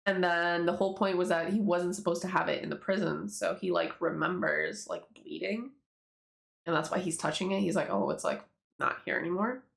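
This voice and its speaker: A woman's voice: lowish voice, gravelly. A woman casually rambling through commentary on her own comic, swearing freely and laughing as she goes. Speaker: webtoon creator reading her own comic. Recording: echoey room.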